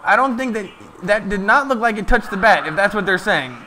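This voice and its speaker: A man giving casual, excited live play-by-play of a ball game from a stream, chatting to his viewers. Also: sits high, a little fast, slight background noise.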